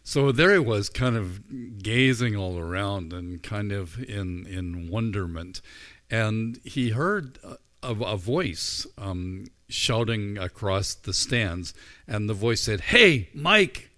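A man delivers a morning sermon, his voice sitting a little low. He talks in an unhurried, informal way and leads into his message through personal anecdotes. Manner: relaxed storytelling, unhurried and informal. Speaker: preacher.

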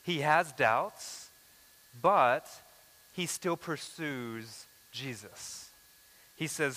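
Bright-voiced male preacher in a reverberant hall. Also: fairly high pitch, extremely slow. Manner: conversational preaching, acts out quoted lines, uneven pace. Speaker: pastor. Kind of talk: sermon.

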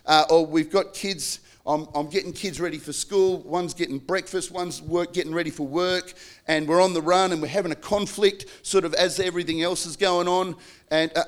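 A middle-aged man preaching an earnest sermon on marriage, acting out quarrels between spouses in sudden shouted bursts. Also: on the high side, steady tone, normal speed. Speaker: pastor.

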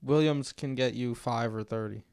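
A man's voice: mid-range voice, normal speed, creaky, a little mellow, clean tone. A young man co-hosting a podcast, teasing and argumentative in casual chat. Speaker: podcast co-host.

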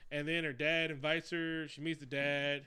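A man recaps a film in loose, profane, jokey chat. His voice sits a bit high and comes through smooth and clear, with a bright, forward edge. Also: moderate pace. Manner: animated, profane, jokey storytelling. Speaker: podcast co-host recapping a movie. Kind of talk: casual chat.

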